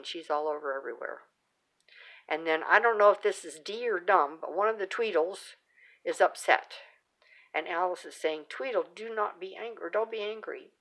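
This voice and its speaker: With a deep voice and fairly bright tone, a middle-aged woman chats casually on her own craft channel as she displays her handmade creations. Her talk is peppered with fillers and restarts.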